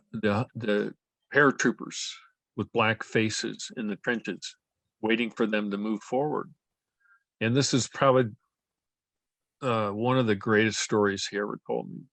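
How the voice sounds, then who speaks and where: An older man recounting family history in an oral history interview, speaking haltingly with frequent fillers and restarts. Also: medium pitch, vocal fry, dry recording.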